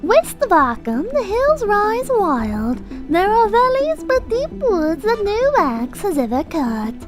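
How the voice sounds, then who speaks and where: Woman faking a posh British storybook reader, theatrical, high and swooping. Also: sing-song, exaggerated voice. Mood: ominous. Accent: put-on posh British. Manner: slow, grand and theatrical. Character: posh British woman reading a horror tale. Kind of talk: dramatic storybook narration. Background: background music.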